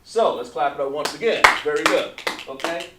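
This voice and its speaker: A man teaching an online language class, patient and repetitive, drawing out words slowly to model pronunciation. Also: a little high, recorded from a distance, heavy background noise. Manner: patient, repeats points, drawn-out slow pronunciations. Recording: echoey room, voice away from mic.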